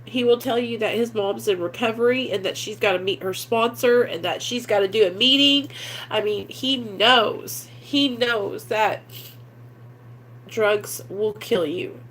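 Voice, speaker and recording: In an unhurried, fairly bright medium-pitched voice, a young woman records a confessional recovery vlog. She rambles earnestly and leans on fillers, and a little hiss or hum is audible.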